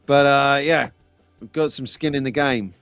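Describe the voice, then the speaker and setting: A man's voice: medium pitch, fairly even intonation, unhurried, fairly bright tone, clean tone, no echo, soft background music. A middle-aged man hosting a casual live stream from home, chatty and jokey as he reads out viewers' comments. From England. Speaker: host of a live slot car stream.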